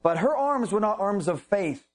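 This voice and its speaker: A man's voice: high voice, lively intonation, normal speed. A man preaching a sermon, reading Bible verses and explaining them earnestly with rhetorical questions.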